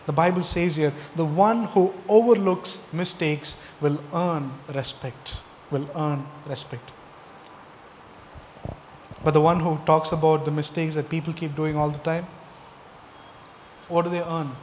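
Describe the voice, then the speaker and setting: A man with a slightly high voice preaches a sermon, putting emphatic rhetorical questions to his listeners. His voice rings out with a long reverb, as if he is in a large hall. Faint noise sits underneath the speech. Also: steady tone, unhurried, long pauses. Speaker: pastor.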